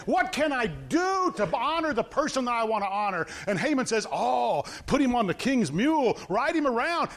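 Animated storytelling preacher, high voice. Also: male voice. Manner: animated storytelling, acting out the characters and laughing. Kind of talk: informal sermon.

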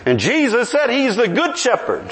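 Speaking at a moderate pace in an extremely high voice, the preacher tells an amusing story and then grows emphatic. A crowd is audible behind him as the congregation answers.

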